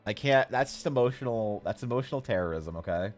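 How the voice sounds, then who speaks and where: A man streaming while he draws, chatting casually with his viewers in a jokey, mock-outraged way, with sudden loud bursts. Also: mid-range voice, animated, fast talker. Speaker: artist streaming while drawing. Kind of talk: casual livestream chat to viewers.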